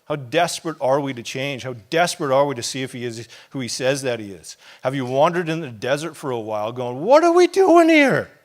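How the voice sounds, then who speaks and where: A middle-aged male pastor preaches with passion, talking to his congregation in a loose, conversational way. His voice sits at an ordinary mid pitch for a man, and he keeps dropping in casual asides between the big points. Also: brisk, hardly any pauses. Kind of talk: sermon.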